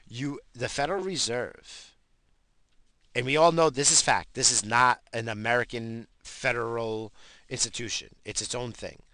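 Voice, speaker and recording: A man rants in a heated, profane way, swearing and repeating himself. His voice is bright and forceful, and the recording is dry and close. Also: mid-range voice, a little slow, no echo. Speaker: self-described stoner. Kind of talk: profane conspiracy rant.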